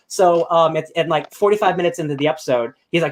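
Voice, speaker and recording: Excitable, rambling young man. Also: fairly high pitch, fast talker, hardly any pauses. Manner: excitable, rambling, with bursts of loud enthusiasm. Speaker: podcast host. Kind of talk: casual chat.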